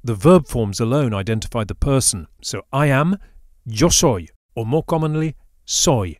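A man's voice: medium pitch, expressive, normal speed, no echo, clean studio sound. A man teaching Spanish in a scripted lesson, explaining patiently and saying each example word carefully. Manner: careful, patient explanation with clear model pronunciations. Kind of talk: scripted language lesson narration.

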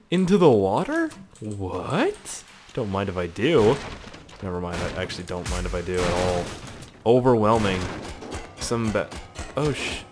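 A man giving excitable, crude let's-play commentary, swearing a lot and joking to himself. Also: on the low side. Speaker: gaming video host.

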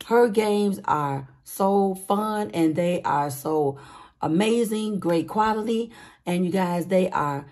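A woman hosting a casual budgeting vlog, with a raspy voice and an upbeat, chatty manner, calling her viewers sweeties and honey. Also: mid-range voice, slow. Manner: upbeat, excited. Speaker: budgeting channel host.

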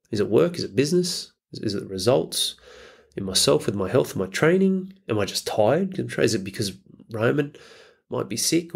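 A man hosting a podcast, giving a blunt, profane motivational monologue full of rhetorical questions. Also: medium pitch. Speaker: podcast host.

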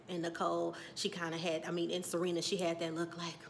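A woman's voice: lowish voice, fast talker, vocal fry, few pauses, a little hiss or hum. Chatty, sassy woman recapping TV. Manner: animated, acts out characters' lines, chatty and sassy. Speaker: TV recap vlogger. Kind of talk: casual TV episode recap.

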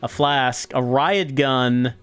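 A man's voice: medium pitch, slow, music in the background. A man streaming a video game, thinking aloud and musing hesitantly as he plays. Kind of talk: casual let's-play commentary.

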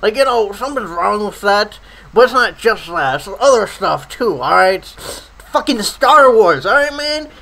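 A man's voice: sits high, animated, normal speed, gravelly, bright, forceful tone, poor audio. A man in a profane comedic rant, swearing constantly and stammering over his words. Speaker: comedy ranter.

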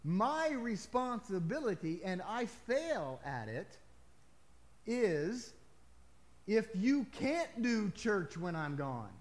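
Male pastor, somewhat high voice, conversational sermon with sudden emphatic lifts. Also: sing-song, slow. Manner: conversational preaching with emphatic rises and asides.

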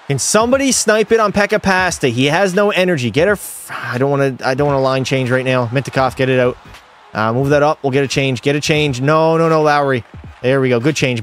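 A young man, commentating his own video game hockey match, excitable and yelling at bad plays. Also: fairly high pitch. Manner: excitable, yells in frustration at plays. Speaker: gaming YouTuber.

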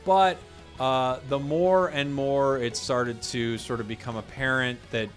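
A young man casually commenting on his matches as he plays, rambling and telling deadpan joke stories. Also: medium pitch, a little slow, faint music behind. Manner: rambling, joking, deadpan tall tales. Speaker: gaming channel host.

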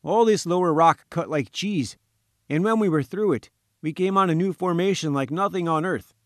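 A man voicing a nervous, gloomy chief engineer in an audiobook, blunt and uneasy, pitched above his usual voice. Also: moderate pace, no echo, studio quality, natural voice. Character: gloomy, jittery male chief engineer underground.

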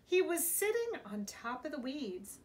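A woman's voice: sits high, big pitch swings, measured pace, a little mellow, slight background noise. A woman, a preschool teacher, reading a picture book aloud to young children in a sing-song storytime manner.

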